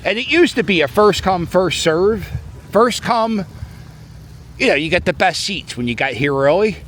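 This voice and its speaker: A middle-aged man chats into a handheld camera as he walks a snowy city plaza. His voice sits mid-pitch but bounces around a lot as he jokes and rambles off on asides. Street ambience and a faint hiss stay behind him. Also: lively intonation, moderate pace, a bit bright. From Philadelphia. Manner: chatty, joking, rambling asides. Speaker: vlogger. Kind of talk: casual walking vlog commentary.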